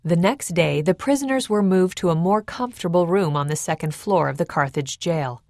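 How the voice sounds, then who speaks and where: Measured woman narrating history. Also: fairly low pitch, dry recording, studio quality. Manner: measured, even storytelling.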